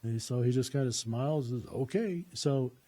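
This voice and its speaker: A man's voice: medium pitch, fairly even intonation, brisk, mellow. A man telling a personal story in a casual, rambling way, with lots of "uh" fillers and restarts.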